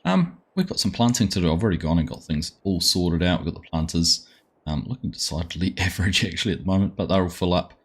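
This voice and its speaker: Husky New man chatting on stream. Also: low voice, expressive, fast talker. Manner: chatty, greets viewers by name. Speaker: gaming livestream host. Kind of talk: casual chat while playing a farming game.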